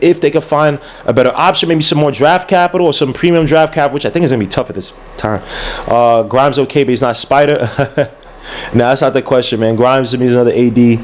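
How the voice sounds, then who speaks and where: High-voiced man ranting on a podcast. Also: a little mellow. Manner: heated, exasperated ranting with slang and repeats. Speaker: podcast host. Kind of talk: casual livestream podcast rant.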